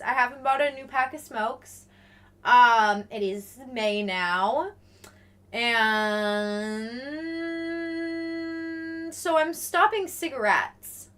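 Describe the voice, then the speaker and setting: A young woman streaming and chatting casually with viewers, swearing freely and reading chat aloud. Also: fairly high pitch. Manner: excitable greetings, frequent laughs.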